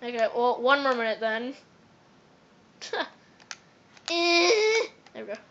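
A woman chatting casually while playing a game, excitable, repeating words and breaking into sudden squeals. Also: high-pitched, slow pace, a little hiss or hum. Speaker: gamer. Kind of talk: casual let's-play chatter. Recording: dull lo-fi phone recording.

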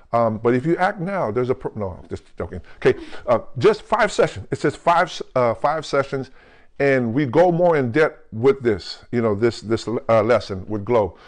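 A male pastor preaching a lively, jokey sermon, who keeps calling out to the congregation and slows down to stress scripture words. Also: mid-range voice. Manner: calls out to the congregation with questions like "right?" and "come on".

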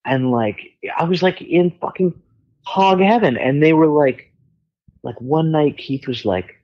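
A man guesting on a podcast, telling a story in casual chat, animated and swearing freely as he acts out other people's voices. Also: medium pitch, normal speed, slightly rough, muffled recording. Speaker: guest musician.

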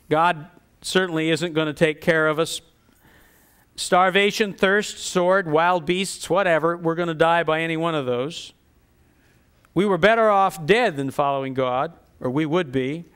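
A man preaching a sermon in an animated way, acting out the grumbling voices of the people with scorn. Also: a little high, moderate pace, smooth.

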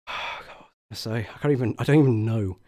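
A man's voice: medium pitch, normal speed, darkish tone. A young man streaming live, out of breath and exhausted, chatting casually with sighs between thanks. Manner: breathless, sighing, grateful and laughing.

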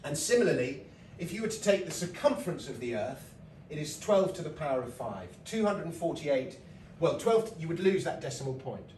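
A man's voice: on the high side, sing-song, a little fast, hardly any pauses, darkish tone, a little hiss or hum. A middle-aged British man giving a comic lecture, telling stories with asides and laughs. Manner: chatty storytelling with laughs and asides. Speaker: lecturer and comedian. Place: lecture hall with live audience. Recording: roomy hall mic from a distance.

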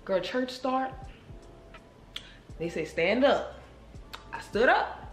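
A woman vlogger telling a story to her viewers in a casual, animated, emotional way, calling them girl and y'all. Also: high-pitched, slow pace. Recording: roomy echo with faint music.

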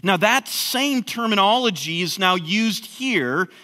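A man's voice: high-pitched, lively intonation, slow, sharp tone. A man preaching an expository sermon, emphatic, with frequent restarts. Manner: emphatic, repeats words when restarting. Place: church sanctuary. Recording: long hall reverb.

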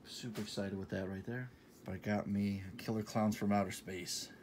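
A man in his thirties talking casually in a shopping haul vlog, enthusiastic and repetitive, sometimes dropping to a soft half-whisper. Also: on the low side, steady tone, normal speed, a little hiss or hum. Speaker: vlogger showing a shopping haul.

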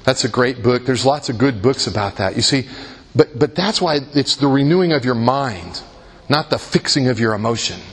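Husky man leading a teaching workshop. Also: medium pitch, normal speed. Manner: engages listeners with rhetorical questions and self-mocking jokes. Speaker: workshop leader. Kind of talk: conversational Christian teaching workshop. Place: convention workshop room.

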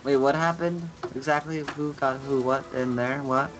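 A man's voice: medium pitch, fairly even intonation, moderate pace, background noise. A man chatting as a guest on a game stream, slangy, full of "like" and swearing. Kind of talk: casual chat.

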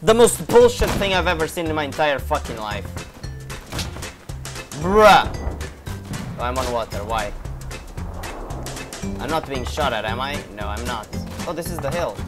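A man's voice: mid-range voice, animated, moderate pace. A young man giving casual gameplay commentary, frustrated and sarcastic, swearing often. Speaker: gaming video creator. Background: game music and gunfire.

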